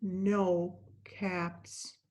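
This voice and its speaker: In a lowish voice and at a very slow pace, an actress and teaching artist brings a children's storytime to life theatrically. She addresses the young listeners directly with animation, sometimes falling to a whisper.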